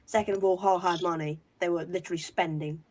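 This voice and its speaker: A woman on a casual fan panel, excitable and quick to object. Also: lowish voice. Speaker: panel guest. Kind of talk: casual chat.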